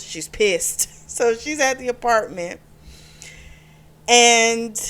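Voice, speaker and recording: A woman's voice: fairly high pitch, fairly bright tone. Woman chatting about a book she loved, retelling scenes, plays the lines out as she goes. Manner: chatty retelling, acts out quotes with "she's like". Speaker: book reviewer. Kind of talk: casual book review chat.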